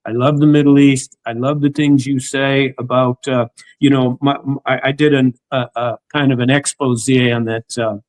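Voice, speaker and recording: A middle-aged host talks in a loose, rambling way, restarting his sentences often. His mid-pitched voice sits in a dry, close-miked space. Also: little pitch movement, moderate pace, darkish tone, no echo, poor audio. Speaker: interview host. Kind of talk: casual conversation.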